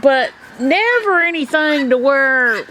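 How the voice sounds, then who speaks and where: A woman's voice: high-pitched, animated, slow pace, pushed and bright, slight background noise. Chatty woman talking about her goats. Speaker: goat keeper. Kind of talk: casual video diary. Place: outdoor farm pen with goats.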